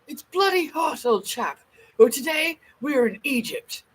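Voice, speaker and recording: A woman's voice: sits high, big pitch swings. Woman putting on a plummy posh English lady. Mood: genteel. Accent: affected British received pronunciation. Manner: plummy, drawn-out, theatrical. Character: posh upper-class English lady, prim and fancy.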